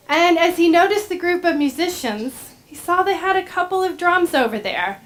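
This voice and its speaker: A woman gently telling a story to children during a church service. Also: very high-pitched, moderate pace, hardly any pauses. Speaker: director of religious education. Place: church sanctuary.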